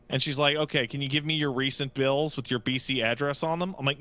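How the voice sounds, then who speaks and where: A man's voice: on the high side, level tone, fast, hardly any pauses, bright, forceful tone, clear, resonant tone. A man on a podcast telling a comedic story, exasperated, acting out the people he dealt with. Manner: exasperated, acts out other people's lines. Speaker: podcast co-host. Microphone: studio podcast mic.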